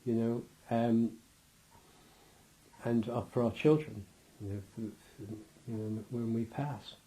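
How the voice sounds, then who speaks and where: A man's voice: medium pitch, steady tone, slow pace, warm tone. Guy being interviewed, rambly, lots of restarts, medium voice, laughs mid-story. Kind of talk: loose unscripted interview.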